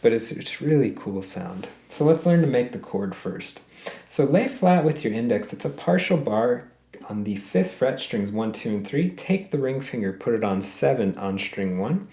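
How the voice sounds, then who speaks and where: A man with a warm, medium-pitched, expressive voice teaches ukulele at a normal speed, going step by step in a friendly way. He counts beats, hums the melody, and calls his viewers "guys," while ukulele plays in a roomy, echoing space.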